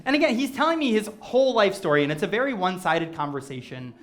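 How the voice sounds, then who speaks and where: A man performing stand-up storytelling on stage before a live audience, animated and self-mocking. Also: high voice, fast. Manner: animated, self-mocking, acts out quoted voices. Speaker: comedic storyteller.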